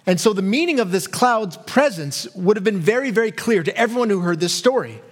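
High-voiced pastor preaching earnestly. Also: male voice, lively intonation, a little fast. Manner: earnest, voices imagined questions to God with rising animation. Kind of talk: sermon.

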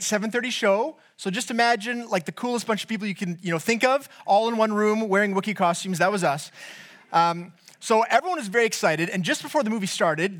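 This is a preacher whose voice sits high, giving a sermon that feels like a conversation built around stories. He frequently starts over mid-thought and raises his volume when quoting others.

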